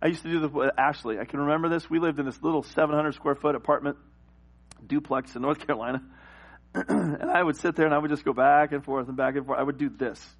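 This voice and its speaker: Middle-aged man, pastor delivering a sermon, lively acted-out anecdotes, a touch higher-pitched voice. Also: quick pace, vocal fry. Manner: animated storytelling, acts out scenes and cries. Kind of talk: sermon with personal stories.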